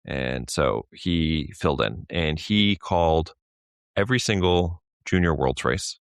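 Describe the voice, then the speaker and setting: A man co-hosting a sports podcast in a casual, chatty way, laughing often and getting animated when telling a story. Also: a bass voice, measured pace, clean tone, no echo, clean studio sound. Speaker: podcast co-host. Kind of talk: casual chat.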